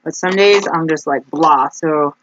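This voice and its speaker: A woman's voice: deep voice, measured pace. Rambling woman vlogger, lo-fi audio. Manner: chatty, meandering, heavy use of "like". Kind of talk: casual rambling monologue. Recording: dull lo-fi with faint noise.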